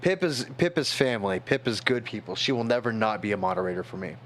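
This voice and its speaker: A man's voice: fairly low pitch, animated, fast, fairly bright tone, slight background noise. A tipsy man streaming, rambling in casual chat and talking to his chat moderators.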